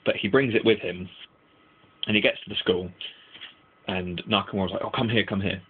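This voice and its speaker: A man's voice: on the low side, fairly even intonation, fairly quick, slight background noise. A man casually recapping an anime episode in a rambling, swearing way, acting out the characters' lines. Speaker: anime reviewer. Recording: tinny, phone-like lo-fi sound.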